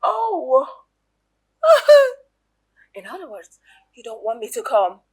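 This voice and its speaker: A Nigerian woman playing a jealous, dramatic girlfriend in a Nollywood film, loud and mocking. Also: sits high, wildly swooping pitch, slow, breathy edge, exaggerated voice. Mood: defiant. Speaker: actress.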